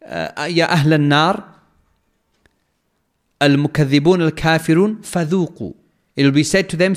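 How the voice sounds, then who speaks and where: A man giving an explanatory religious lecture, speaking in a measured way, repeating phrases for emphasis and reciting verses in Arabic. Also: on the high side. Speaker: Quran lecturer.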